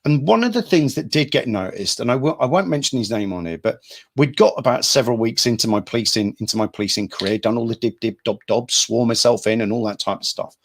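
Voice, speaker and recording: A man's voice: mid-range voice, animated, quick pace. Rambling middle-aged English man telling stories. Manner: rambling, repeats himself, acts out quotes loudly. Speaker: hypnotherapy trainer. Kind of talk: casual storytelling to an online audience.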